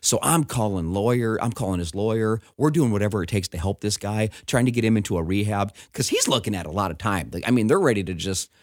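A middle-aged man, a pastor, telling a personal story in casual conversation, animated and acting out the voices of the people in it. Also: fairly low pitch, fast, few pauses, dry recording, studio quality.

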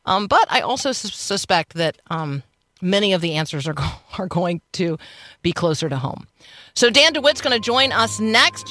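A woman's voice: medium pitch, big pitch swings, moderate pace, pushed and bright, no room sound, soft background music. A woman hosting a morning radio talk show, chatting casually and thinking aloud with fillers.

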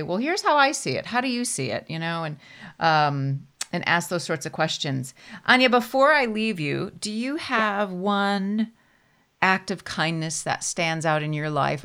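A woman's voice: on the low side, fairly bright tone, clear, resonant tone. A woman hosting a casual interview, chatting in an affirming, conversational way. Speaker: interview host.

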